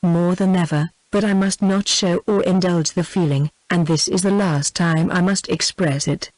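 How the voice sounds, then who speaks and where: A synthetic female voice with a British English accent, reading the lines of a calm, principled young governess in an even, unhurried way. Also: on the low side, no room sound, natural voice, rough recording. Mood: firm.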